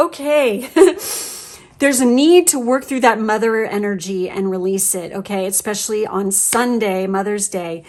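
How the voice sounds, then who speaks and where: A woman giving a casual, emotional tarot reading, chatty with lots of fillers and the odd swear word. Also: mid-range voice. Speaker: tarot reader.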